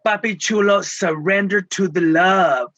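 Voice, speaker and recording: Guest interviewee: a man from Texas with a high, husky voice who tells stories theatrically. The audio is dry and a little dull. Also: measured pace, no room sound. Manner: animated, theatrical, acts out quoted voices. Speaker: guest, spiritual healer. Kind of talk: emotional storytelling in conversation.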